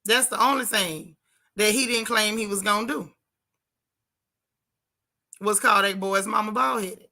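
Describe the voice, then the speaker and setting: A woman hosting a livestream from her car, giving sassy, animated commentary and reading viewer chat aloud. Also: mid-range voice, measured pace, pauses often. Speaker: livestream host. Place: in a car while driving.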